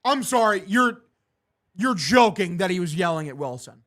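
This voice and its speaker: A man's voice: high-pitched, lively intonation, moderate pace, a bit bright. A man streaming casual play-by-play commentary, profane and exasperated. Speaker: livestream host.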